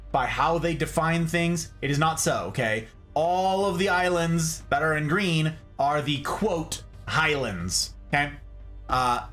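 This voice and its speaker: A man talks through whiskey basics on a casual stream. His voice sits fairly high and swings up and down with a lot of life, and he keeps checking in with his listeners. Faint music plays underneath. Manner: animated, chatty, repeats "okay?" and "like". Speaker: streamer hosting a whiskey talk. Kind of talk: casual livestream explainer.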